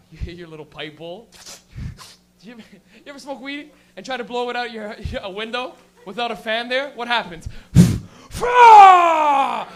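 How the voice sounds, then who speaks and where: A man's voice: very high voice, lively intonation, moderate pace, a bit bright. A young man doing a stand-up comedy set on a club stage, telling stories with profanity and laughing at his own jokes.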